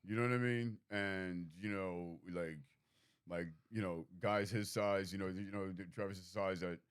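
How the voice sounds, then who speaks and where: Low-voiced man rambling loosely on a podcast. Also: fairly even intonation, measured pace, clean tone, dry recording, studio quality. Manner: loose and rambling, full of "you know what I mean". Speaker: podcast co-host. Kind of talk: casual comedy podcast chat.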